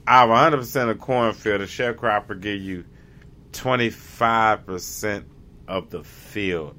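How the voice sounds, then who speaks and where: A man's voice: on the low side, fairly bright tone. A man in a casual, rambling monologue, often restarting and groping for the right word. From United States. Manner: rambling, gropes for words with many restarts. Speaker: vlogger.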